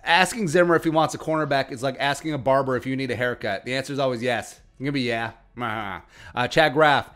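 Brief: male podcast host, energetic and sarcastic, casual sports takes, mid-pitched. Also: brisk. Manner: animated, sarcastic, joking asides.

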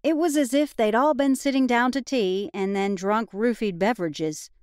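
A woman audiobook narrator reading a first-person cozy mystery in an even, conversational storytelling manner. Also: fairly high pitch, normal speed, clear, resonant tone, no echo, studio quality.

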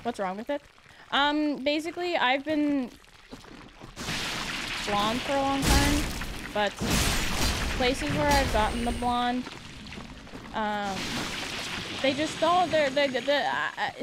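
A woman's voice: sits high, expressive, slow, pauses often, noisy background. A woman streaming a video game, chatting casually with her chat and laughing often. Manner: giggly and chatty, answering chat. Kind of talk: casual live-stream gameplay commentary.

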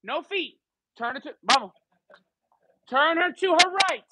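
A man's voice: very high voice, animated, unhurried, bright, forceful tone, rough recording. A man teaching a live salsa class, counting beats and calling cues in Spanish and English to the dancers. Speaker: salsa instructor.

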